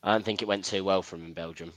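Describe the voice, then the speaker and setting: Fast-talking football pundit. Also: male voice, deep voice, steady tone, rough recording. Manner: quick, matter-of-fact, cites stats. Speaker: podcast co-host. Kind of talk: casual football chat.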